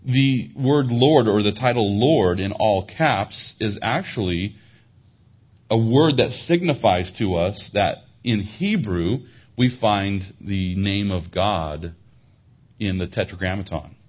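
Man, preacher, sermon, low husky voice, Bible teaching, lo-fi dull audio. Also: lively intonation, slow. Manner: expository Bible teaching, explaining Hebrew words; rises in pitch and volume for emphasis. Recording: dull lo-fi sound.

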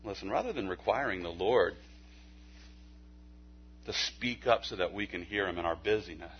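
A man preaching a sermon in a conversational way, with folksy asides, stammered restarts, and a hushed soft delivery when he makes a point. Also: low-pitched, normal speed, slightly rough. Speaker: pastor. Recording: dull lo-fi recording.

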